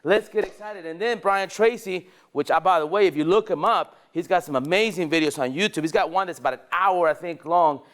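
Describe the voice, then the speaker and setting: A man leading a sales training session at a dealership, energetic and rallying, firing questions at the staff in the room. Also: on the high side, fairly quick, hardly any pauses.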